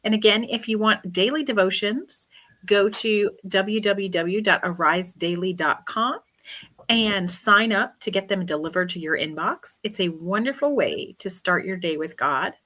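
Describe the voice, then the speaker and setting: Woman host wrapping up a live stream, calm promo voice, video call. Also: medium pitch, a little slow. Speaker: host, publisher.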